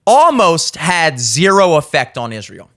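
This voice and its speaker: Man, 30s, podcast host, blunt, profane commentary, high bright voice, studio. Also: big pitch swings, unhurried. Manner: blunt, profane, acts out quoted lines. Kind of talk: opinionated commentary.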